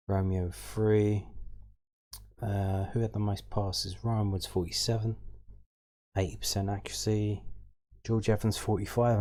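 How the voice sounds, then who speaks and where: Guy going through football stats out loud, low monotone, lots of ums and trailing off. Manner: hesitant, many ums and restarts, thinking aloud. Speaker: football fan channel host. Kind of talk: casual stats rundown.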